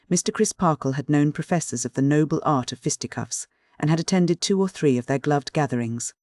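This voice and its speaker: A man reading an audiobook in measured, even storytelling. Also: on the high side, no room sound, clean studio sound. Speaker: audiobook narrator. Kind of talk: scripted audiobook narration.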